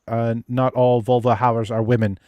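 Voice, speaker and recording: A man with a medium-pitched, somewhat dark voice speaks at a moderate pace in a level tone, with no echo. He hosts a relationship advice livestream, chatting casually with viewers and guests and reading their comments aloud. He often restarts his sentences and swears freely.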